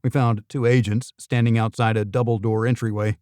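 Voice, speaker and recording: A man's voice: medium pitch, level tone, a little fast, a little mellow, clear, resonant tone, dry recording. A man narrating a first-person thriller audiobook in a dry, wry manner.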